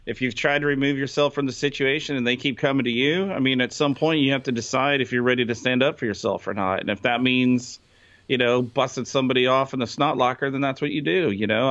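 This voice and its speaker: A man's voice: mid-range voice, fairly bright tone. A man co-hosting a podcast, talking bluntly and casually in slang. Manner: blunt, slangy, calls people dude. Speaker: podcast co-host. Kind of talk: casual chat. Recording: slightly dull lo-fi sound.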